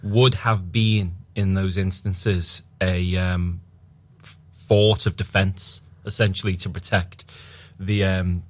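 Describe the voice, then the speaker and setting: A man, an actor guest on a radio interview, talking hesitantly with many ums and pauses. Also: low-pitched, little pitch movement.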